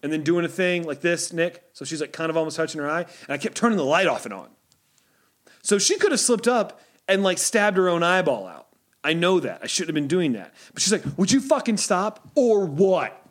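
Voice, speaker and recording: Lively high-voiced man telling stories. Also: brisk. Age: 30s. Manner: animated storytelling, laughing often, swearing. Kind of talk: casual chat.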